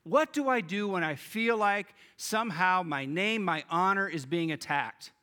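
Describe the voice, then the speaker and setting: A man's voice: high-pitched, a little slow, bright, forceful tone. A male pastor giving a conversational sermon and talking directly to his congregation.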